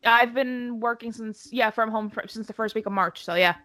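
A woman's voice: a little high, moderate pace, sharp tone, no echo. A woman co-hosting a casual podcast, laughing and teasing, swearing casually. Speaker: podcast co-host. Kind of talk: casual chat.

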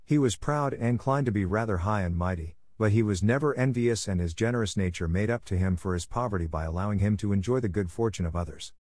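An audiobook narrator with a fairly low voice reads a classic children's story aloud in a measured, even storytelling style, meant for English listening practice. The recording is dry and of studio quality.

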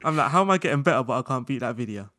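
A man speaking as a guest in a casual interview chat, relaxed, laughing often and talking in loose run-on sentences full of fillers. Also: medium pitch, very fast, no echo, studio quality. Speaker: guest content creator.

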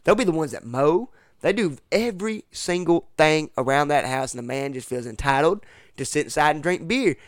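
A man with a fairly high voice rants bluntly in a relaxed podcast chat, swearing freely and dropping rural slang like "ain't" and "y'all". The sound is dry and close, with no room echo. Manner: blunt, profane, emphatic rant. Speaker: podcast guest. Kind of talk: casual chat.

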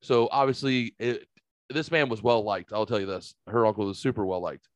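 A man in his forties, a podcast host telling casual stories in an animated way, swearing freely and jumping higher when excited. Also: normal speed, no echo, dull audio. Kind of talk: casual storytelling chat.

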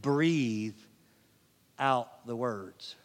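A middle-aged male pastor preaching a sermon, swinging from loud emphasis to near-whispers and asking the audience questions. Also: medium pitch, extremely slow. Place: large church hall. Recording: long church hall reverb.

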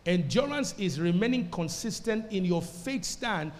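A man preaching in a high, ringing voice, pressing his points and calling on the congregation to answer back. His sermon rolls out through a church hall with a long, echoing tail. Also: animated, measured pace. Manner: emphatic preaching, call-and-response with the congregation. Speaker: pastor. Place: church service before a congregation.

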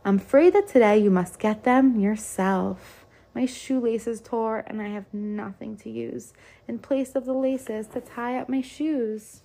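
A woman voicing a kind toy store saleslady who apologizes gently. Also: fairly high pitch, measured pace. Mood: gentle.

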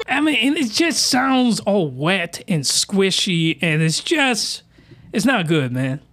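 A man with a high-pitched voice reacts to an anime episode with excitable, crude commentary. He breaks into shouting outbursts that crack his voice, then drops back to disbelieving mutters. He is recorded close on a desk mic. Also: slow pace.

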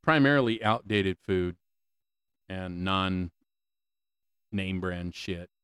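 A man's voice: deep voice, slow pace, fairly bright tone, smooth, no room sound. A man hosting a solo podcast, ranting with lots of swearing, repeated questions and stammering restarts, on a close mic. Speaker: podcast host.

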